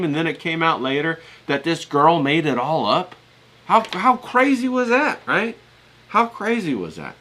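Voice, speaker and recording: A livestream host who calls his own accent hillbilly Southern US talks directly to his viewers in a loose, rambling way. His voice sits fairly high, sounding bright and forceful.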